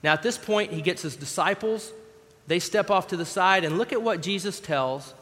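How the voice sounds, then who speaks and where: A man's voice: high-pitched, moderate pace, fairly bright tone. A man preaching a sermon in a conversational way, acting out scenes from scripture as he reads. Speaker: pastor. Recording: long hall reverb.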